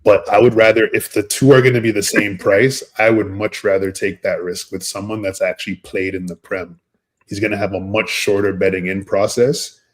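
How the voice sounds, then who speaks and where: A man's voice: lowish voice, little pitch movement, normal speed. A man from Canada on a football chat panel, giving long, frank, opinionated takes. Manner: opinionated, frank, reasoning at length. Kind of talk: casual football chat show.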